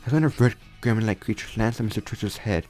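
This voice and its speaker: A man's voice: lowish voice, quick pace, darkish tone, faint music behind. A young man casually retelling a fan story, rambling with frequent restarts and self-corrections.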